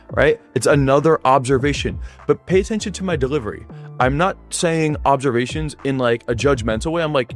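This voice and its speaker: A man, a dating coach, gives an energetic, instructive voice-over and acts out his own lines as he breaks down a clip. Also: fairly high pitch, a little fast, soft background music.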